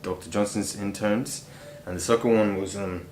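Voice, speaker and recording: A man's voice: lowish voice, steady tone, normal speed, a little mellow, slight background noise. A young Nigerian man with a Nigerian accent, chatting easily as an interview guest, laughing often and filling with "you know". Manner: easygoing, laughs often, many fillers. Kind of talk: casual interview chat. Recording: roomy echo.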